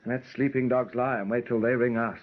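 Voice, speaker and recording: An actor playing an anxious, wry young aristocrat with a slightly husky voice. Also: male voice, mid-range voice, fairly even intonation, fairly quick, narrow, tinny audio, lightly acted. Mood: fretful. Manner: wry, fretful, clipped.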